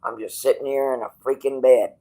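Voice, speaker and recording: Brief: a plain-voiced man in a hospital bed, blunt and cussing, swinging between quiet musing and loud defiance. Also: mid-range voice, flat delivery, a little fast, rough recording. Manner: blunt, profane and stubborn. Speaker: streamer. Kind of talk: rambling livestream talk.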